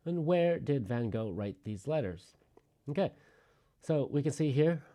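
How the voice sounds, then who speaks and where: A man teaching a class in an easygoing, talkative way, with throwaway jokes and bits of thinking out loud. His voice sits at a medium pitch. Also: animated, a little slow. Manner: chatty, joking asides, thinks aloud. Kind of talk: classroom lecture.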